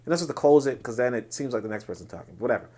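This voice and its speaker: A man's voice: medium pitch, lively intonation, rapid-fire, warm tone. A man hosting a podcast, giving emphatic solo commentary on social media posts in a lecturing way. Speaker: podcast host.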